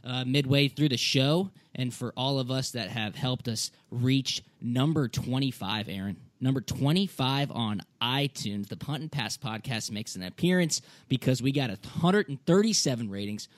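A man's voice: medium pitch, normal speed, few pauses, no room sound. A man co-hosting a sports podcast in a casual, chummy way, calling his partner "dude". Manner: laid-back, chummy, says "dude" and "man". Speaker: podcast co-host.

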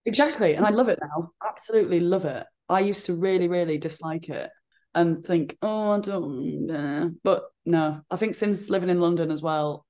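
A woman with a regional accent, a fitness coach chatting as a podcast guest, talking in an animated way with lots of "like". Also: lowish voice, fairly quick. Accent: regional accent she calls her own. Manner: chatty, frequent "like" fillers, animated retelling. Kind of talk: casual interview chat.

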